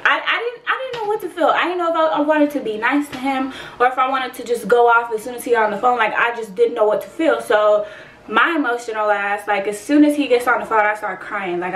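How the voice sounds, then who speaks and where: A woman's voice: on the high side, a bit bright, echoey room, distant mic, slight background noise, poor audio. A woman in her twenties telling an emotional personal story in a candid, slangy, swearing vlog. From San Antonio, Texas. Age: 20s. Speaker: vlogger.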